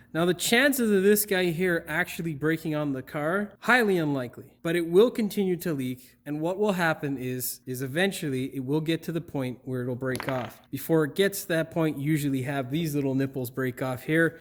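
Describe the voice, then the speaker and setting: A male mechanic giving a casual car repair tutorial, chatty and joking with a crude edge. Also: on the high side.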